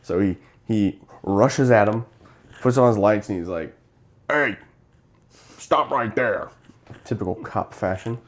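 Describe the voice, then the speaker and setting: A man's voice: on the low side, normal speed, darkish tone. A young man co-hosting a casual movie review, retelling scenes with animation and acting out the characters' lines. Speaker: podcast co-host.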